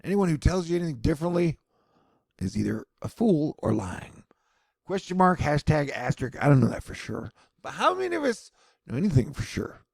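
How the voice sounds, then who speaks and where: A man's voice: fairly high pitch, wildly swooping pitch, a little fast, creaky, a little mellow, slightly rough, no echo. A man giving casual, rambling news commentary with sardonic, self-mocking asides.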